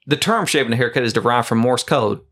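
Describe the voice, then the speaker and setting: A man's voice: mid-range voice, fast talker, a bit bright. A man co-hosting a casual podcast, teasing his partner and reading facts aloud. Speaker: podcast co-host. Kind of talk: casual chat.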